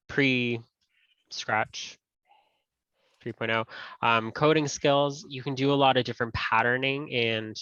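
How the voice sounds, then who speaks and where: A man's voice: medium pitch, bright, forceful tone, no echo. A man presenting a webinar and answering questions, in a casual, friendly way and correcting himself as he goes. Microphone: video call. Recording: dull dry audio.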